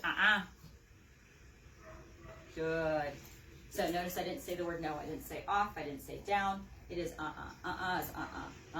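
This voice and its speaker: A woman dog trainer giving an upbeat hands-on demo, calling out sharp high praise to a dog as she works. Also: slight background noise. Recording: roomy, mic at a distance.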